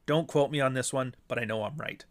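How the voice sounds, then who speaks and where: A man of middle pitch hosting a casual livestream and answering chat. He talks bluntly and swears freely, with a sardonic edge. He keeps putting rhetorical questions to himself and then answering them. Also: fairly quick. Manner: asks and answers his own rhetorical questions.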